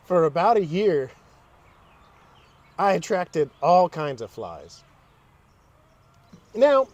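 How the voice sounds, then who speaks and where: An adult man hosting a home garage channel walks through a truck repair in casual how-to narration, chatty and prone to drifting into side stories. His voice is high-pitched with a darkish tone.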